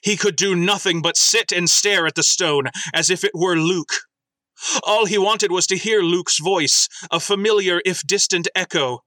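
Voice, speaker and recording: A man's voice: high-pitched, moderate pace, sharp tone, no echo. A man hosting a podcast, chatting casually and reading listener submissions aloud as comic dramatic readings.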